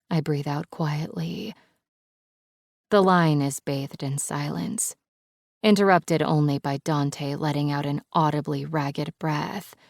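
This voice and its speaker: A woman's voice: low-pitched, creaky, darkish tone, dry recording, clean studio sound. A woman narrating an audiobook in the first person, with a dramatic, emotional delivery.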